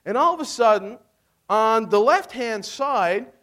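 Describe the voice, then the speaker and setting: A man delivers a sermon in a notably high voice. He tells the story in an animated, casual way, acting out the characters and laughing along the way. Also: a little slow. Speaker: pastor.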